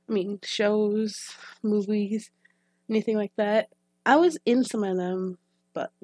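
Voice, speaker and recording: A young woman who reacts to videos online chats casually about personal things, hesitant and emotional, trailing off and starting over. Her medium-pitched voice has a dark tone, recorded dry with clean studio sound.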